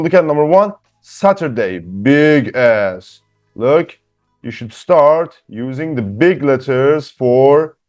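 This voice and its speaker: A man teaching beginner through a workbook, patient, slowly spelling out sounds and repeating words. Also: a little high, darkish tone. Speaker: English teacher. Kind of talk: slow workbook lesson for beginners.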